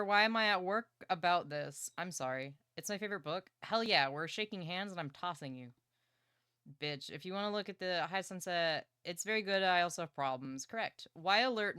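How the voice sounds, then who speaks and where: A young woman livestreaming from her partner's home setup, chatting excitedly and playfully about books and swearing casually. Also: on the low side, normal speed, clean tone, no echo, studio quality.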